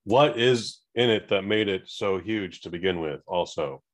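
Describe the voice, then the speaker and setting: A man co-hosting a podcast in casual chat, trading dry, deadpan quips. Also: low voice, moderate pace. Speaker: podcast co-host.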